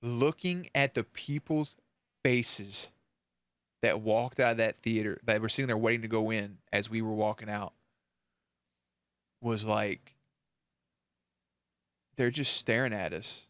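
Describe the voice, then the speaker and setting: A man's voice: lowish voice, fairly even intonation, unhurried, long pauses, fairly bright tone, clear, resonant tone, no room sound. Candid, emotional man vlogging, dry sound. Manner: emotional, candid retelling with casual swearing. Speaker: reaction channel host. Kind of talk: casual storytelling to camera.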